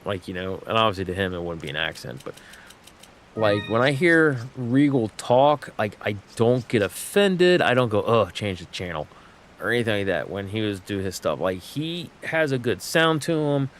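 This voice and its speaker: Male streamer, lowish voice, loose rambling gamer chat over faint hiss. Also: very animated, moderate pace. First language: English. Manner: rambling, full of fillers and restarts. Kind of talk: casual livestream chat while gaming.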